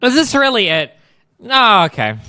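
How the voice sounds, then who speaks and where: A man's voice: extremely high pitch, wildly swooping pitch, normal speed, sharp tone, no room sound, studio quality. A man streaming, ranting at his chat in a profane, combative and sarcastic way. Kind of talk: ranting reaction commentary.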